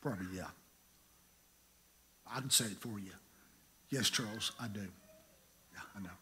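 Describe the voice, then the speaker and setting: A middle-aged man, preaching a sermon in a folksy storytelling way, acting out scenes with sudden loud bursts. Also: lowish voice, normal speed, slight background noise. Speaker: pastor.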